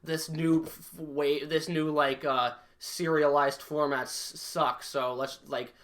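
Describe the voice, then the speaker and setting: Young male co-host, rambling and crude, bright tense tone, slightly higher pitch. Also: flat delivery, slow. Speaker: podcast co-host. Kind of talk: casual comedic chat.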